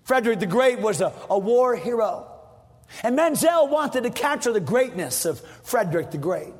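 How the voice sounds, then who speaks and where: High-voiced preacher man shouting in a hall. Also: animated, normal speed. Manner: emphatic, repetitive, swings from shouts to hushed tones. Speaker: pastor. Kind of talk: fiery sermon. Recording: long hall reverb.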